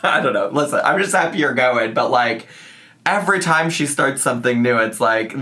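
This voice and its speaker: A man's voice: medium pitch, a little fast, pushed and bright. A man hosting a reaction commentary, chatty and sarcastic, often laughing as he talks. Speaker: YouTube commentary host.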